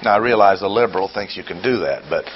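A man's voice: low voice, fast, slight background noise. A man preaching a sermon, asking rhetorical questions and repeating his points for emphasis. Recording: dull lo-fi recording with faint ambience.

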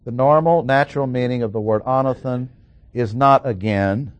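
A man preaching a sermon and explaining a Bible passage, who stresses key words slowly and asks his listeners questions. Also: mid-range voice, no echo, lo-fi sound.

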